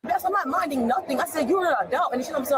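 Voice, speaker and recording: Agitated woman, high voice, talks fast, keeps quoting "I said" as she recounts a fight at home. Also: a loud crowd, heavy background noise. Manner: rapid, agitated, constantly quoting others with "I said". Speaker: person telling an officer about a family fight. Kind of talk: heated retelling.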